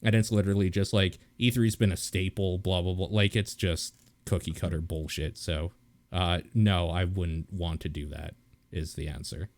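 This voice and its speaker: Guy with a lowish voice hosting a gaming podcast, reads listener questions, laughs a lot, just chatting. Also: steady tone, normal speed. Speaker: podcast host. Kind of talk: casual chat.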